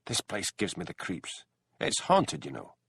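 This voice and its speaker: A man's voice: low voice, huge pitch swings, unhurried, gravelly, fairly bright tone, husky, heavily acted. A man voicing a frightened, superstitious Scottish village woman who talks nervously and shrilly. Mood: fearful.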